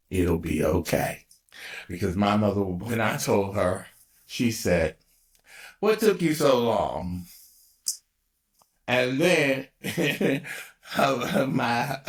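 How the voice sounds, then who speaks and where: A man in his fifties hosting his own podcast, telling a personal story with animated energy, laughing often and restarting sentences. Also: on the low side. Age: 50s. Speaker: podcast host.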